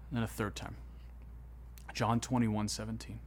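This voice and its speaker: A man preaching a sermon, retelling a story with swings between hushed, solemn passages and excited, rising ones. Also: on the low side, moderate pace, long pauses, a little hiss or hum. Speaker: pastor.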